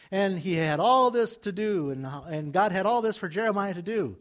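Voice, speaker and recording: A male pastor delivering a sermon in a high-pitched voice. He talks to the congregation conversationally, swinging from loud, emphatic bursts to soft, low asides. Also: expressive, moderate pace, hardly any pauses. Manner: conversational, dramatic swings between loud and quiet.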